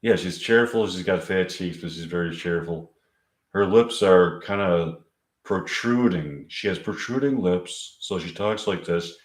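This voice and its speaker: A man reading his own comedy script aloud at home, halting and thinking aloud between lines. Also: low-pitched. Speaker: amateur writer performing his own script. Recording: echoey room.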